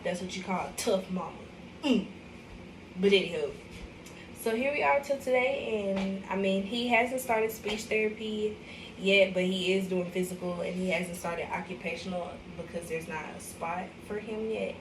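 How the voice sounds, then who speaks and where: Chatty young mom in echoey room. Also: female voice, mid-range voice, moderate pace, background noise. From Arkansas, USA. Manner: chatty, emotional, addresses viewers as y'all. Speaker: vlogger, mother. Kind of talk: casual livestream chat. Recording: echoey room, mic at a distance.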